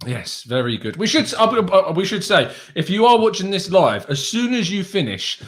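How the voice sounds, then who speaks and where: A man's voice: high-pitched, sing-song, normal speed, a bit bright. A man with an English accent hosting a casual football podcast, upbeat and chatty, laughing often. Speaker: podcast host.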